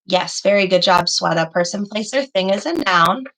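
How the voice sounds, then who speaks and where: A woman's voice: mid-range voice, lively intonation, moderate pace, a bit bright, poor audio. A woman teaching young children in an online class over a video call, patient and encouraging, praising her students by name. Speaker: elementary school teacher.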